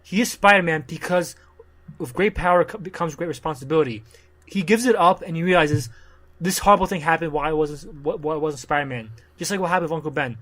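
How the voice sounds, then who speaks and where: A man's voice: a little high, fast, fairly bright tone. A man co-hosting a casual podcast, talking about comics with enthusiasm and jokes. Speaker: podcast co-host. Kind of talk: casual comic book discussion.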